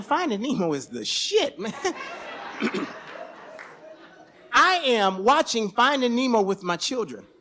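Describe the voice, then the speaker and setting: Animated high-voiced male storyteller. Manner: animated, conversational, slangy. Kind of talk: live stage storytelling. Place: stage at a museum event.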